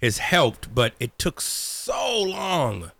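Bright-voiced affirming male host. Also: a little high, huge pitch swings, drawn-out words, creaky, dry recording. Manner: affirming, chimes in with frequent agreement. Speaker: podcast host. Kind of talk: casual conversational interview.

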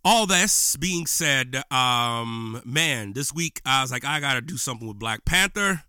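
Guy hosting a podcast, worked up and preachy, slangy, bright voice, dry close mic. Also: medium pitch, expressive, measured pace, clear, resonant tone, no echo. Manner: impassioned, preachy, loose and slangy. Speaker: podcast host. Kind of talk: casual podcast monologue. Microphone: podcast microphone.

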